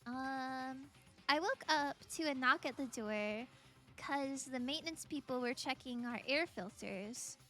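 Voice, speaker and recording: A young woman with an American accent chats and giggles through a game stream, answering viewers as she plays. Her voice is high and bright. Soft game music sits faintly behind her. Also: unhurried. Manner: chatty, giggly, reading and answering chat. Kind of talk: casual game-stream chat.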